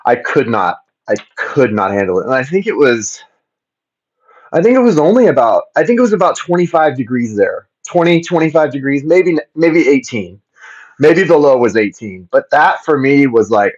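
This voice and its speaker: A man's voice: medium pitch, animated, normal speed. Chatty Florida man on a livestream. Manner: chatty, rambling, repeats words, greets viewers by name. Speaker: tarot reader hosting a livestream. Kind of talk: casual livestream chat. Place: home, indoors. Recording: slightly dull livestream audio.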